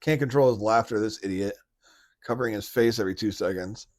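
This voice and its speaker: Podcast host, male, lowish voice, rambling and blunt, casual monologue. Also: a little fast. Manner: rambling, loose, many restarts and "like" fillers; blunt and mocking, with occasional swearing.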